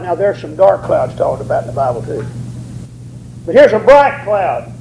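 A man's voice: high voice, animated, moderate pace, gravelly, warm tone, reverberant, a little hiss or hum, rough recording. A man preaching a sermon, drawing out key words and rising on them for emphasis.

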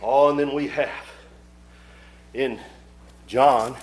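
A man preaching a sermon, reading scripture aloud and breaking into fervent, sudden loud surges with quick casual asides. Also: medium pitch, steady tone. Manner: reads scripture aloud in old-fashioned phrasing.

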